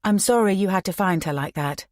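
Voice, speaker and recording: A woman narrator voicing a calm, firm female detective who speaks with measured control. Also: medium pitch, dry recording, clean studio sound, natural voice.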